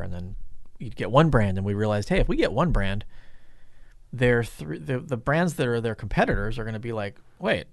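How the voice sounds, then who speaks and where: A man's voice: on the low side, vocal fry, dry recording. A middle-aged man telling a rambling, casual story in an interview, swearing freely and acting out the voices of the people in it. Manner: rambling, profane, acts out quoted people. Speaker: guest.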